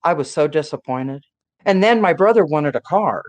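A middle-aged woman from Texas, talking as a guest on a chat show. She tells family stories in a lively, rambling way and leans on "you know" a lot. Her delivery is casual and unscripted. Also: low-pitched, normal speed. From Dallas area, Texas. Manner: lively, chatty, many fillers like "you know".

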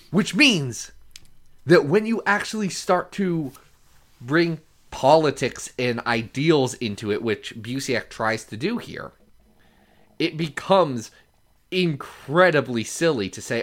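A man co-hosting a podcast in casual chat, animated, with many restarts and laughs. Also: a little high, slow pace. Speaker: podcast co-host.

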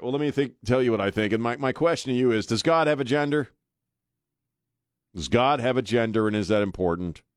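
Blunt sarcastic talk radio man, low voice. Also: no room sound, studio quality. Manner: blunt and sarcastic, with hesitant fillers. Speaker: radio talk show host. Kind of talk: opinionated talk radio monologue. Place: radio studio. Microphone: studio microphone.

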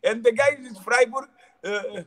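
High-voiced man in halting English. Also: sharp tone. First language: not English. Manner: halting non-native English, repeats words, frequent laughs. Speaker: former footballer, interview guest. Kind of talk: casual storytelling interview.

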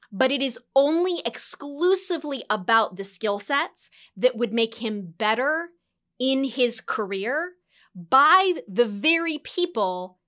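A woman in her thirties, an entrepreneur, reflecting in an animated solo talk with quick bursts and light laughs. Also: a little high. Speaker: entrepreneur and course creator.

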